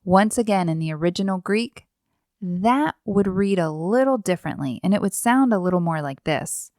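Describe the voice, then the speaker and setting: With a mid-range, animated voice that is slightly mellow, this woman talks at a moderate pace. The studio-quality, echo-free recording features her as a middle-aged devotional podcast host, earnest and reflective, posing rhetorical questions and repeating phrases.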